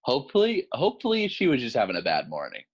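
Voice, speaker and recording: A man's voice: mid-range voice, wildly swooping pitch, quick pace, slightly rough, lo-fi sound. A man co-hosting a podcast in casual chat, mostly backing up his friend with short agreeing replies. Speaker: podcast co-host.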